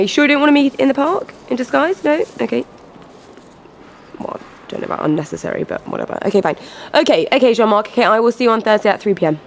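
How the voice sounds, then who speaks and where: A woman's voice: on the high side, slight background noise. A woman producer in an improvised mockumentary, flustered and exasperated, often repeating herself.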